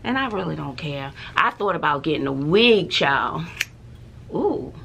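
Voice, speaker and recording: Gravelly woman telling stories slowly. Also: sits low, background noise. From Texas. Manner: animated and dramatic, drops to hushed asides. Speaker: schoolteacher and mother. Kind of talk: casual chatty vlog storytelling.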